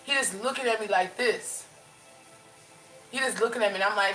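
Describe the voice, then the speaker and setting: A woman's voice: mid-range voice, a little fast, pauses often, pushed and bright, echoey room, faint music behind, rough recording. A woman chatting casually with viewers from her bedroom, talking in a loose, rambling way with a runny nose. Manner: chatty, addresses viewers as y'all, lots of restarts. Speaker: vlogger. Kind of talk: casual livestream chat.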